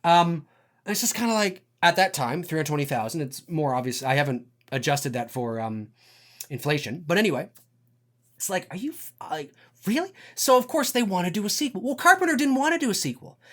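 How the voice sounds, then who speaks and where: A man's voice: on the high side, animated, brisk, fairly bright tone. A man delivering an unscripted, profane film rant, emphatic and full of fillers. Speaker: film commentator.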